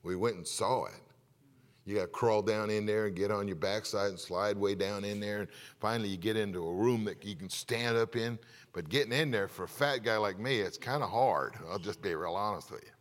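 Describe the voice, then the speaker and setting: Speaking a little fast, this middle-aged pastor shifts between forceful, loud emphasis and quiet, confiding asides. He directs questions at his congregation as he preaches.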